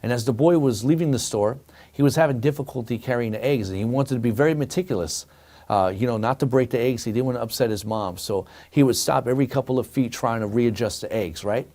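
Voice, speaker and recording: A man's voice: medium pitch, fast, dark tone. A middle-aged man preaching a sermon as a rabbi, telling a story and calling his listeners friends. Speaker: rabbi teaching a weekly Torah lesson.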